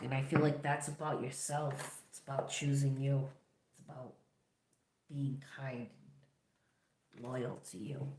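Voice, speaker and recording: A tarot reader gives a collective reading, speaking directly to the viewer with steady encouragement and affirmation. The voice sits at a middling pitch. The recording has a noticeable room echo. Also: noisy background.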